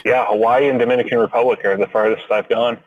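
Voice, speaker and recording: A man's voice: mid-range voice, steady tone, fast talker, highs cut off. A man co-hosting a podcast, chatting casually in a wry, skeptical way. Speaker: podcast co-host. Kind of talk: casual chat.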